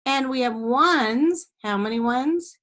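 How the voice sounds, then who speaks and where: Recorded on a computer mic during an online class, a patient woman teacher guides young kids through a math lesson. She speaks slowly in a slightly high, fairly bright voice, slipping into sing-song chants and checking in often.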